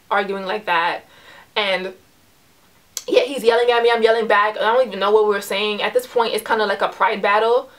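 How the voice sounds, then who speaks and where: Chatty young woman telling a storytime. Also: medium pitch. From New York. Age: 20s. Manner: chatty, heavy use of "like" and "um"; animated storyteller, voice rises when retelling the confrontation. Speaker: vlogger. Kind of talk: casual storytime.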